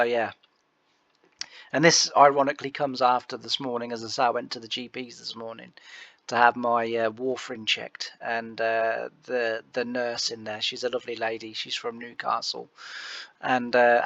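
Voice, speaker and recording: A man's voice: mid-range voice, sharp tone, no echo, muffled recording. A man chatting and rambling in self-mocking commentary while playing a farming game. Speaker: farming game let's-player.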